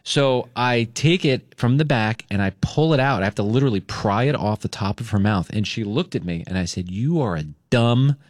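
A man's voice: fairly low pitch, fairly quick, few pauses, no room sound. A man hosting a morning radio show, telling a story and acting out the voices in the quotes. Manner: animated, acts out quotes in shifting voices. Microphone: studio microphone.

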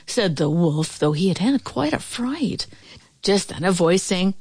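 Woman reading a rhyming kids' book, slow and really lively, dry close sound. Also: medium pitch, breathy edge, dry recording. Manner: expressive, slow, playful. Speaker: storyteller.

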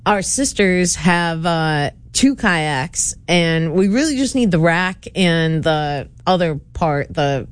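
A woman co-hosting a radio morning show, chatting casually with quick reactions. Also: on the low side, lively intonation, clean tone. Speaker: radio co-host. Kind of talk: casual on-air banter. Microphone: studio microphone.

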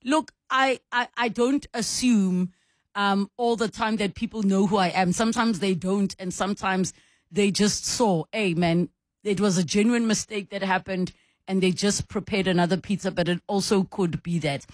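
A South African woman hosting a radio call-in show, chatting and reading listener messages aloud with lively reactions. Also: mid-range voice, moderate pace, no room sound, clean studio sound. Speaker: radio talk show host. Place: radio studio.

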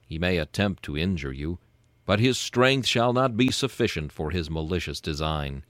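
A man reading a scripted devotional meditation in a solemn, measured, preacherly way. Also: sits low, expressive, a bit bright, no echo. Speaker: devotional reader.

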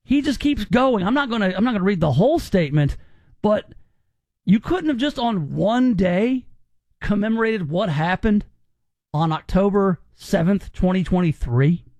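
A man's voice: high-pitched, animated, normal speed, darkish tone, no echo. A man hosting a talk radio show from a studio, talking in a conversational, emphatic way and often restarting his words.

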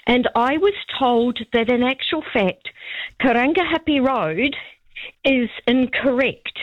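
A woman's voice: high-pitched, lively intonation, takes it slowly, no echo, highs cut off. Caller, a New woman on the phone. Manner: earnest and explanatory. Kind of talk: phone-in call to a radio show. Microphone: telephone line.

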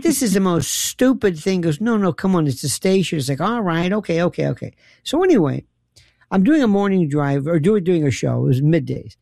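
A woman appears as a guest of a radio host, telling a funny story in casual chat with lots of energy, laughing and acting out quotes in dramatic voices. Her voice is deep with vocal fry, and the studio-quality recording has no room sound.

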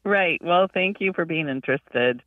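A woman's voice: fairly low pitch, animated, moderate pace, dry recording. A woman calling in to a radio show, hesitant and giggly, using lots of fillers. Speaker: caller. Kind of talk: radio call-in chat. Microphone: telephone. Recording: tinny phone line, far from the mic.

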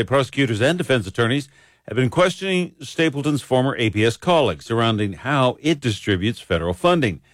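Man, radio news anchor, steady measured reading, dry studio mic. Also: mid-range voice, no room sound. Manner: steady, measured newsreader delivery. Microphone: studio microphone.

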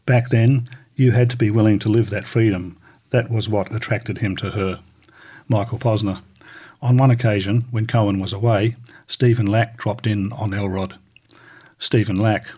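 A man reading recollections aloud in a measured, scripted audiobook narration. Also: fairly low pitch, darkish tone, breathy edge.

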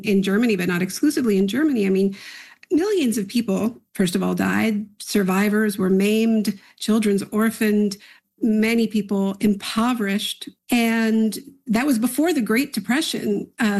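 A woman answering an interview question in an earnest, measured, analytical way. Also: medium pitch, creaky, darkish tone. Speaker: author guest.

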